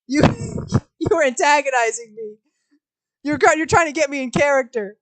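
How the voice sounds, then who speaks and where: A woman live-streaming herself reading a film script aloud, switching from flat reading of scene directions to flustered asides to her chat. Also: sits high, normal speed, pauses often, poor audio.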